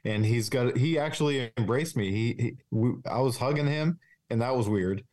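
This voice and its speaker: A police officer speaking as a guest in a candid interview, earnest and confessional, with many restarts and fillers. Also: male voice, medium pitch, normal speed, darkish tone.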